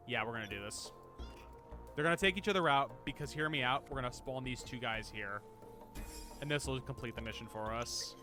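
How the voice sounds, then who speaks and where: A man's voice: medium pitch, moderate pace, pauses often, pushed and bright, faint music behind. A man streaming a game, chatting casually, reading game text aloud and laughing often. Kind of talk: casual gameplay commentary.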